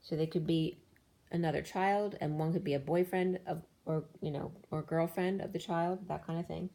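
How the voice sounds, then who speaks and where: Low mellow woman reading tarot. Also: steady tone, normal speed. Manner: rambling, listing cards with many restarts. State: losing her voice. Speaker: tarot reader.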